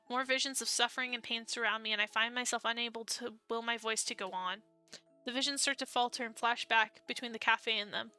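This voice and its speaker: Bright-voiced young woman streamer. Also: a little high, clean tone, no echo. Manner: expressive story reading with excited asides. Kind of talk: reading a visual novel aloud on stream.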